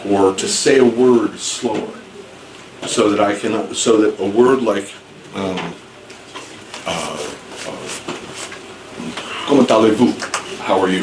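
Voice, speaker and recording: A man teaching an English class, speaking slowly and clearly and rephrasing things so learners can follow. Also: lowish voice. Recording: echoey room, distant mic, background noise.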